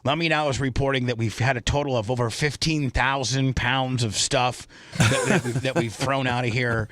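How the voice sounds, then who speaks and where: A man's voice: medium pitch, fairly even intonation, normal speed, fairly bright tone, no echo. A male radio talk show host reading out listener donations on air from his studio, emotional and rambling, with many restarts. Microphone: studio microphone.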